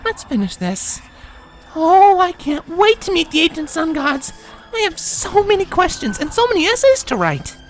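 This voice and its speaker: A man voicing an eager, bookish adult female pony princess who talks in an excitable, chirpy way. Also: very high-pitched, normal speed, faint music behind, pitched above the performer's own voice, full character voice.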